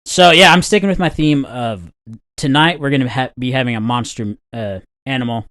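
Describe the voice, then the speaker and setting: A man in casual podcast chat, relaxed and quick to laugh. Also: medium pitch, dry recording, clean studio sound. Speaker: podcast co-host.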